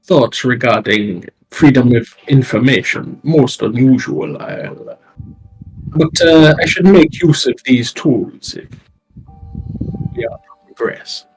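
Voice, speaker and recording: A man role-playing his character in a tabletop game, speaking haltingly with many pauses. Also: mid-range voice, slightly rough, soft background music, rough recording. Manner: halting, measured, many fillers. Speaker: player.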